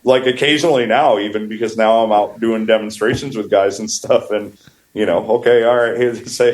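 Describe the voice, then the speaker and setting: A man's voice: fairly low pitch, steady tone, fairly quick, rough recording. A man from upstate New York, a flooring contractor, telling rambling work stories in casual podcast talk, laughing often and restarting his phrases. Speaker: wood flooring contractor guest.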